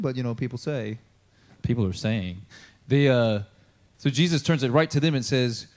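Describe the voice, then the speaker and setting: A man's voice: mid-range voice, lively intonation, fairly quick, a little mellow. Casual, chatty American male pastor. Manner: casual, conversational preaching with many fillers; acts out dialogue between Bible figures. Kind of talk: sermon.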